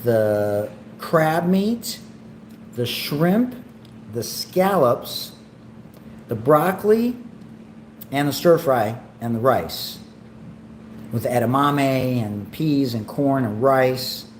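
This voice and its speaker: A man talks slowly and unhurriedly, hosting a casual cooking livestream from home. He rambles in a relaxed way and gushes about the food. His voice echoes off the room, with faint ambient noise behind it. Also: medium pitch. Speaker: livestream host.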